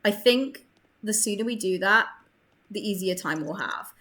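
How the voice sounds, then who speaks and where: A young woman chatting excitedly while playing a life-sim game, laughing often. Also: medium pitch, moderate pace. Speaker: gaming creator. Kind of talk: casual gameplay commentary.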